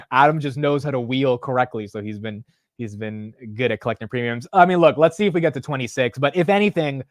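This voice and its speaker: A young man hosting a casual stock market livestream, excitable and swearing freely as he riffs on prices. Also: medium pitch, fairly quick, no room sound, clean studio sound.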